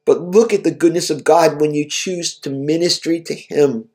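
Speaking at a moderate pace, a man with a slightly high, darkish voice preaches about a vision. He exhorts his hearers in an earnest, emotional devotional talk.

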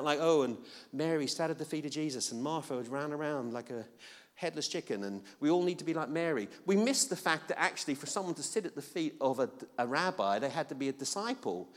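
A man preaching a sermon in a casual, conversational way with playful asides. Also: fairly high pitch. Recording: long reverb of a hall.

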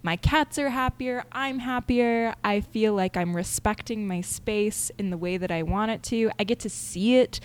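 A young woman hosting a personal solo podcast, talking candidly and haltingly with many fillers and restarts. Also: mid-range voice, clear, resonant tone. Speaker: podcast host.

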